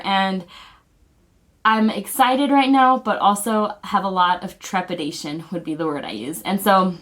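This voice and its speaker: A woman talks straight to camera in an earnest, heartfelt way, pausing and restarting as she searches for words. Her pitch sits in a middle range, and she speaks as a family vlogger sharing personal news. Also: a bit bright. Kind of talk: personal video announcement.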